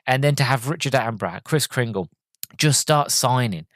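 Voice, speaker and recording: A man's voice: mid-range voice, animated, moderate pace, a bit bright, no echo. Earnest, rambling man on a dry mic. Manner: earnest and rambling, with many restarts and repeated words; sentimental, openly moved. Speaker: podcast host reviewing a film. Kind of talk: casual spoken film review.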